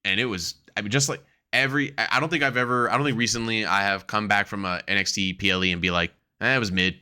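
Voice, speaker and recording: An excitable man co-hosting a casual podcast. His voice sits low yet comes across sharp and tense, and he swears freely as he tells his stories. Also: quick pace, clear, resonant tone. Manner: excitable, profane, acts out quotes. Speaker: podcast co-host. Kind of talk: casual wrestling podcast chat.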